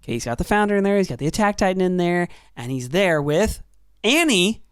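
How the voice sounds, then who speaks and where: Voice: medium pitch, brisk, clean tone, no room sound, clean studio sound. Podcast-Host, lebhaft nacherzählend, trockener Raumklang, mittlere Stimmlage. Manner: animated retelling, laughs often. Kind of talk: casual chat.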